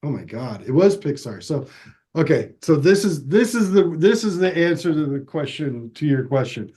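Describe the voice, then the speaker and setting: A filmmaker being interviewed, telling stories in a casual, animated way with frequent restarts. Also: male voice, fairly high pitch, moderate pace. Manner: animated storyteller, restarts often, acts out quotes. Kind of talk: casual interview over video call.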